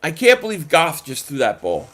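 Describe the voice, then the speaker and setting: At a moderate pace, a man reads chat comments out loud during a casual live stream. He speaks high, animated and emphatic, often tripping over words and beginning sentences again.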